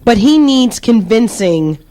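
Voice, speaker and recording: A woman's voice: a little high, slow, slight background noise. Giggly stuffy-nosed woman co-host. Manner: giggly, rambling, lively. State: stuffy nose. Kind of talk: casual comedic chat.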